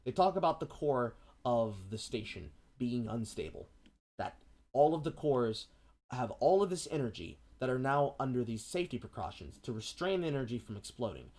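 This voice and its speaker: Animated man recapping a film. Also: medium pitch, normal speed. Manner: animated, profane storytelling. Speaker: stream co-host.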